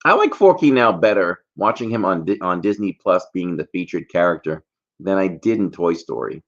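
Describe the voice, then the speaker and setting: Deep gravelly man hosting livestream trivia. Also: expressive, normal speed, fairly bright tone, highs cut off. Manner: chatty, rambling, jokey. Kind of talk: casual livestream chat.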